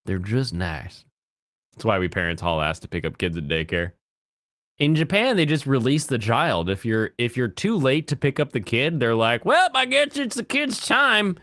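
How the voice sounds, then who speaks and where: A man's voice: fairly low pitch, animated, normal speed, fairly bright tone, no room sound, clean studio sound. A man in his thirties chatting casually as a streamer, rambling and giggly. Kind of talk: casual chat.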